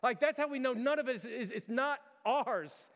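A man's voice: very high-pitched, moderate pace, fairly bright tone, long reverb tail. A man preaching a sermon in a conversational way, full of fillers and rhetorical questions aimed at his congregation. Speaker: pastor.

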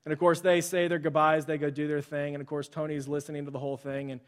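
A man's voice: on the high side, flat delivery, fast, clear, resonant tone. A man preaching to his church, telling a story in a conversational way with frequent fillers and restarts. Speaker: pastor. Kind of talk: sermon storytelling. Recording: long hall reverb.

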